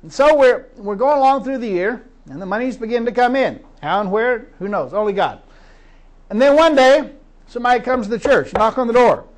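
A man's voice: extremely high pitch, expressive, a little fast. A middle-aged man preaching as a pastor, telling stories of faith earnestly and repeating words as he builds up. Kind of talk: storytelling sermon.

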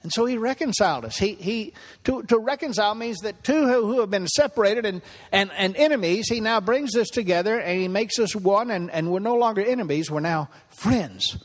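A man's voice: high voice, lively intonation, fairly quick. A man preaching a sermon as pastor, repeating phrases for emphasis and building to impassioned peaks. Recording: long hall reverb.

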